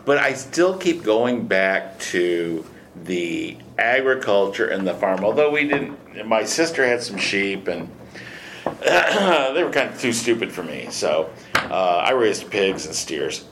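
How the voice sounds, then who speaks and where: A man's voice: lowish voice, big pitch swings, slow pace, a bit bright, slight background noise. An older man hosting a casual men's Bible study discussion, talking in a reflective, folksy way. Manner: reflective, folksy, thinks aloud.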